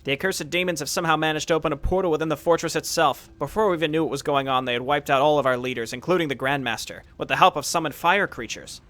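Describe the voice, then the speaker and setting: Guy reading a harsh scornful traitor officer, fairly high bright voice. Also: fast, few pauses, lightly acted. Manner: read aloud from game text, plain. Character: treacherous human order officer, harsh and scornful.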